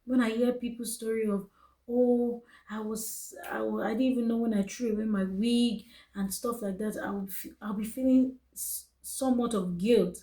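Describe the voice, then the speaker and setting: A woman's voice: fairly high pitch, fairly even intonation, normal speed, dark tone, poor audio. A young woman with a Nigerian English accent telling her birth story to camera in an earnest, emotional way, repeating phrases for emphasis. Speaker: vlogger.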